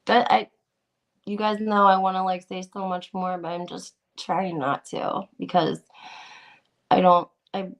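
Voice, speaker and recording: A woman hosting a gossip livestream, chatting casually and reading out viewer comments in an animated, opinionated way. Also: fairly low pitch, a little slow. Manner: animated, gossipy, many "like"s and restarts.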